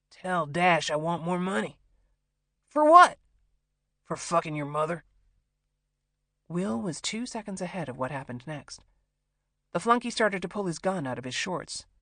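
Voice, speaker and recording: An audiobook narrator reading a crime thriller in a steady, tense storytelling manner. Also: medium pitch, no echo. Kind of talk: scripted narration.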